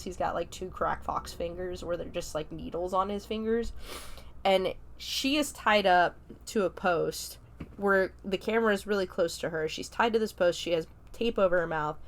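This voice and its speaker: A woman hosting a podcast, giving a casual spoken review of a film, talking chattily with lots of ums and likes. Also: on the low side. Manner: chatty, many fillers like um and like.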